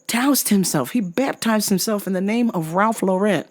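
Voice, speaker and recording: A vlog host telling a profane travel story, animated and laughing often, jumping into acted voices. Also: normal speed, few pauses. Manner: acts out voices with big pitch jumps. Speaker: vlogger host. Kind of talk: casual storytelling rant.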